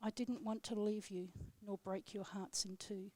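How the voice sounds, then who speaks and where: A woman on live radio reading her own poem aloud in a steady, measured way, then chatting with the host. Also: mid-range voice, no room sound. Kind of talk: poetry reading, then casual chat. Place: radio studio.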